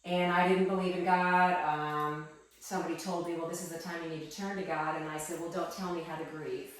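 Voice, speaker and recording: A woman giving an emotional personal testimony, talking in a soft, halting way with many pauses and restarts in her small wooden chapel. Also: lowish voice, fairly even intonation, a little hiss or hum. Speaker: interviewee. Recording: echoey room from some distance.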